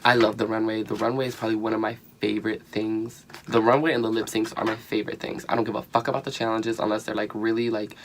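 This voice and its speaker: A young man giving a casual spoken review of a show, animated and profane, full of slang and bursts of laughter. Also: on the low side, fast, hardly any pauses, slight background noise. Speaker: vlogger reviewing a reality show.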